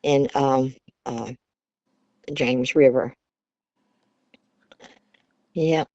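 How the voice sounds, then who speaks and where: Speaking very slowly in a low, slightly mellow voice, an older Virginia grandmother recalls her childhood in casual stories as an interview guest. She's chatty, laughs a lot, and leans on Southern expressions. The sound is dry and a bit dull.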